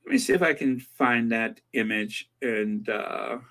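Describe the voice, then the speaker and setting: A man's voice: mid-range voice, unhurried, a bit bright. A man hosting a livestream, reading viewer comments in a chatty, rambling way and thinking aloud. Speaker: livestream host reading chat. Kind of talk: casual chat.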